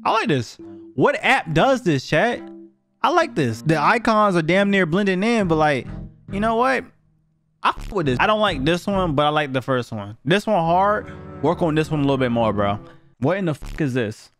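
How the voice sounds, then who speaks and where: Young man, casual reaction commentary, blunt and profane, lively up-and-down pitch, faint music behind. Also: normal speed. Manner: blunt, profane, animated slang-heavy reactions. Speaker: YouTuber reacting to viewer submissions.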